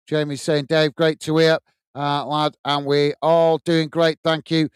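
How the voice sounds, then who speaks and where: A man's voice: fairly high pitch, flat delivery, a little slow, clear, resonant tone, no echo. British man hosting a live match watch-along. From United Kingdom. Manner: friendly, reads viewer comments aloud and greets them. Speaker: host of a football watch-along. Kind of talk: live match commentary and reading chat messages.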